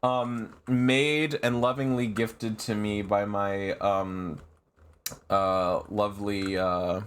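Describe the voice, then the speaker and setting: A man streamer chatting casually on a live stream, rambling with fillers and laughs, and often jumping to high, shrieking protests. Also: fairly even intonation, slow, fairly bright tone, slight background noise.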